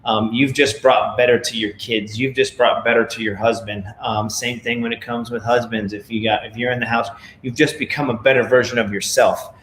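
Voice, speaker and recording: A man's voice: medium pitch, little pitch movement, brisk, hardly any pauses, fairly bright tone, roomy sound, slight background noise, low-quality recording. A man casually talking to viewers at home, rambling with many fillers and a preachy tone. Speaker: network marketing leader. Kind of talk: casual video talk to viewers.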